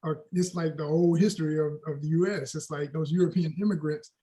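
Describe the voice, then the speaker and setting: A man in his forties talks in a relaxed, slangy way, his voice fairly high for a man. He tells stories with a lot of energy, and his voice jumps around as he goes. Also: brisk. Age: 40s. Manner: animated storyteller, slangy and expressive. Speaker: guest actor. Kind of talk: casual interview chat.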